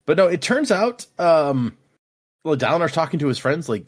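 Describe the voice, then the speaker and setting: A man with a fairly high, slightly breathy voice recaps book chapters at a moderate pace for a podcast. It's a casual book club chat, and he's animated, acting out scenes with playful, lively quoted voices.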